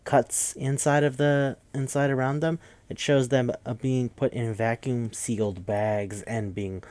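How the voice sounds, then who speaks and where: A man's voice: medium pitch, fairly even intonation, unhurried, a little mellow, no room sound. A man tells a film's plot in a loose, meandering way, swears often and jumps into the characters' dialogue. His voice sits in an ordinary middle register. The recording is dry and close. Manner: rambling, profane, acts out characters' lines. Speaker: podcast host. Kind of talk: casual movie recap.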